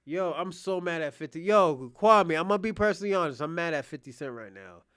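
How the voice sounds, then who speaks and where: A man doing casual live reaction commentary, animated, loose and profane as he talks to his chat. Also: a little high, brisk, clean tone. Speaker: streamer reacting to a debate.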